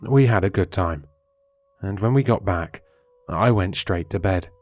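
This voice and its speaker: Man, very deep voice, horror story narration, dry close sound, faint music. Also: unhurried, a little mellow, dry recording.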